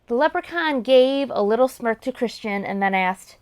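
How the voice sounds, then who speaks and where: A woman hosting story time, reading a children's book aloud in an expressive storytelling manner. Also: high-pitched, moderate pace, few pauses, clear, resonant tone.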